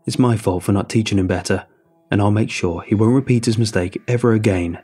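A man doing a gruff, stern protector. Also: fairly low pitch, fairly quick. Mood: pleading. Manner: scolding, commanding. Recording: soft music underneath.

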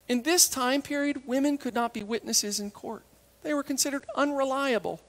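Animated woman preaching in an echoey hall. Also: high-pitched. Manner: lively and conversational, acting out the disciples and Mary in quick asides. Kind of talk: sermon.

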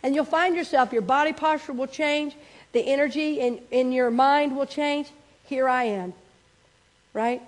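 A woman's voice: sits high, measured pace, rough recording. A woman pastor giving a conversational sermon and leading a prayer, repeating affirmations. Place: church sanctuary.

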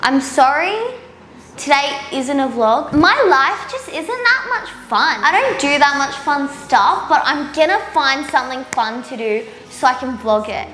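A woman's voice: high-pitched, lively intonation, measured pace, pushed and bright. A tired young woman chatting casually through a hair tutorial in a salon, rambling and poking fun at herself. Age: young adult. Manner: chatty, self-mocking, giggly, rambling. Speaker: beauty vlogger. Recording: roomy salon with music underneath.

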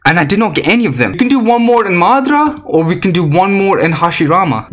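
A man doing gacha summon commentary for a video, excitable, swinging from mock gloom to shrieks, his voice cracking. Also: fairly high pitch, quick pace, hardly any pauses, soft background music. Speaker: gaming YouTuber.

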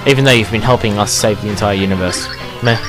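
A young man, commentating a video game playthrough, crude and swearing, yelling at the game. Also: lowish voice, fast talker, over music. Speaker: let's play gamer.

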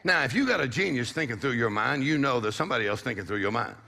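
A man's voice: medium pitch, expressive, fast, gravelly, pushed and bright, a little hiss or hum. A middle-aged man preaching a sermon, exhorting the congregation with call-and-response and a repeated "come on".

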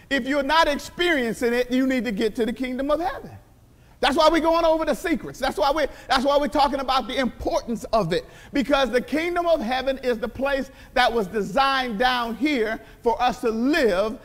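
A pastor preaching a sermon in a church, emphatic and repetitive, often crying out hallelujah. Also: male voice, extremely high pitch, a bit bright, in a large hall. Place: church sanctuary.

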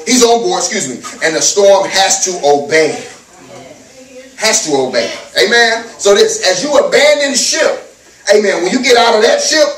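A male pastor with a high voice preaching a sermon. He reads scripture and riffs on it, sprinkling in "amen" and "glory to God," and turns loud and laughing when acting out a scene. The sound is roomy and picked up from a distance. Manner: loud, laughing, sing-song delivery when acting out the disciples. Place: church. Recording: echoey room, mic from a distance.

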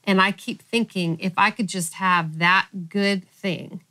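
A woman's voice: medium pitch, fairly even intonation, unhurried, bright, forceful tone. A woman hosting a faith podcast, speaking in a reflective, thoughtful way. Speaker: podcast host. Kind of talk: casual podcast discussion.

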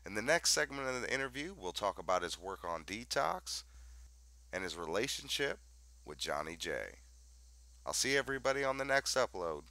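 A man's voice: fairly low pitch, very animated, moderate pace, bright, forceful tone, no echo, poor audio. A man hosting an interview channel, asking questions and signing off in an upbeat way. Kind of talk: interview host.

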